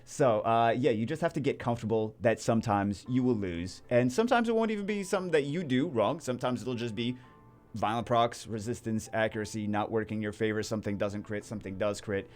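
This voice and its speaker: A man giving casual game commentary as a YouTuber, rambling and excitable with many restarts. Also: mid-range voice, a little fast, soft background music. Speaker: gaming YouTuber.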